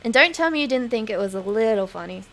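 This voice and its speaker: A woman's voice: fairly high pitch, lively intonation, quick pace, very noisy. A woman streamer chatting casually over gameplay, laughing often and swearing freely, on a home desk microphone.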